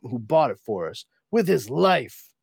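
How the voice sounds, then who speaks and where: Man putting on a loud, jubilant pub townsman. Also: very animated, a little slow, creaky, slightly rough, dry recording, clean studio sound, heavily acted. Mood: cheering. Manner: loud, high, exuberant.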